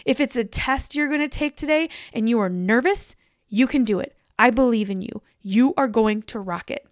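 High-voiced upbeat woman podcaster. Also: normal speed, no room sound, studio quality. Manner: upbeat, encouraging, talks straight to the listener. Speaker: podcast host. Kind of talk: motivational pep talk.

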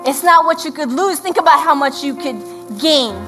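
High-voiced woman preaching a sermon. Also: faint music behind, low-quality recording. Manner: earnest, slows for scripture, prays softly. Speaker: pastor's wife preaching.

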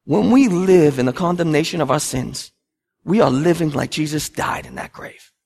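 A man in his thirties, a pastor preaching a sermon and telling family stories with lively acted-out dialogue. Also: on the high side, normal speed, vocal fry. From United States. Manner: storytelling, animated, acts out family scenes.

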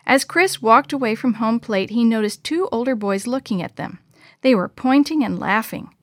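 A woman reading a children's chapter book aloud in a gentle, expressive storyteller voice. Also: a little high, normal speed, dry recording, clean studio sound.

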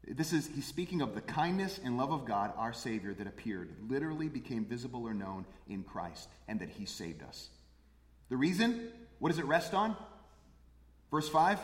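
A man's voice: mid-range voice, big pitch swings, moderate pace. A man preaching a sermon as pastor, earnest, repeating phrases for emphasis. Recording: echoey hall with long reverb.

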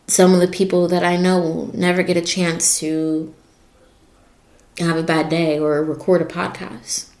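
A woman's voice: on the low side, darkish tone, reverberant. A young woman hosting a podcast, reflecting on her life in an emotional voice that wavers and cracks. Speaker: podcast host. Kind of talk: personal reflective monologue.

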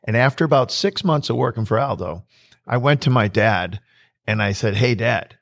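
Animated man telling stories, dry sound. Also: medium pitch, moderate pace, vocal fry, dry recording. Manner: animated storyteller, acts out quotes, laughs often. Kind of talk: casual storytelling chat.

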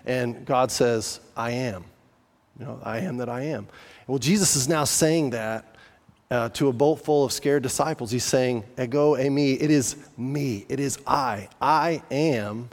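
A man's voice: medium pitch, measured pace. A man preaching a sermon as a pastor in a conversational way, with restarts and casual asides. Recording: long reverb of a large hall.

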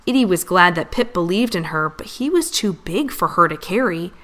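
A woman reads a children's storybook aloud with expressive delivery. Her voice sits a little low yet swings with lively pitch. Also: normal speed, hardly any pauses. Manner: expressive, animated.

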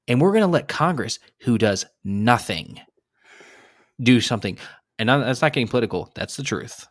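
Animated man ranting on a sports podcast. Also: medium pitch, moderate pace, dry recording, clean studio sound. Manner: animated, exasperated, profane ranting. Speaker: podcast co-host. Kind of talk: casual sports podcast rant.

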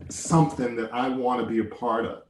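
A man's voice: medium pitch, steady tone, fairly quick, a little hiss or hum. A man chatting casually and enthusiastically, rambling between thoughts and joking about himself. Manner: enthusiastic, rambling, self-deprecating. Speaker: conversation partner. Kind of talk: casual chat. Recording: roomy echo.

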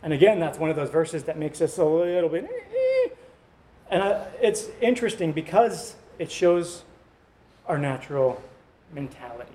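A man's voice: on the high side, expressive, normal speed, warm tone. A male pastor preaching a sermon in a conversational way, with joking asides to the congregation.

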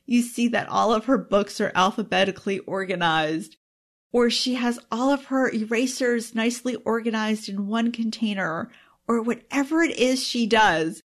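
A woman's voice: on the high side, normal speed. A woman working as a time management coach and speaking as a parent, giving an earnest, openly emotional self-help talk with frequent exclamations. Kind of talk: self-help teaching monologue.

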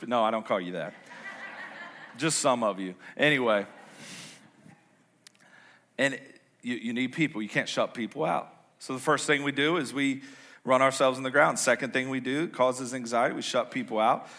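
A man preaching a sermon as pastor, conversational and playful, swinging between quiet low stretches and loud high bursts. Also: moderate pace, long pauses. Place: large church sanctuary.

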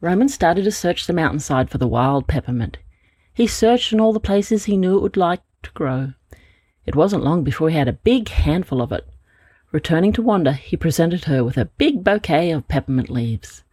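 Woman storyteller, storybook reading, expressive, low voice, husky, dry close sound. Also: moderate pace, no echo. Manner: gentle, expressive narration.

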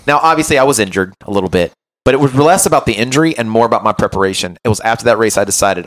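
Low-voiced man telling a story. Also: rapid-fire. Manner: animated, self-mocking, keeps adding "right?". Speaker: podcast host and run coach. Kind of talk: casual storytelling chat.

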